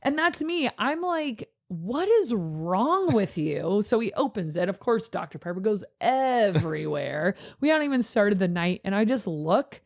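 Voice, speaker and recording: A woman youth pastor chatting casually, telling lively stories and jumping into high voices when she quotes people. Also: normal speed, few pauses. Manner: animated storyteller, jumps into high voices when quoting others. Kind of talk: casual podcast chat.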